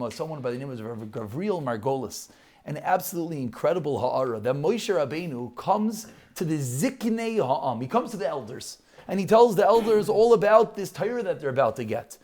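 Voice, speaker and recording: A man's voice: fairly high pitch, lively intonation, fairly quick, darkish tone. A man giving a Torah talk to a live audience, telling stories animatedly and posing rhetorical questions.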